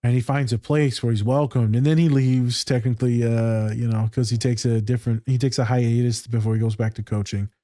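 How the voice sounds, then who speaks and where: A man's voice: mid-range voice, little pitch movement, fairly quick, hardly any pauses, mellow, no room sound, studio quality. A man who works as a therapist, co-hosting a podcast in loose, profane chat, telling stories with lots of energy, swearing freely and laughing often. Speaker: podcast co-host.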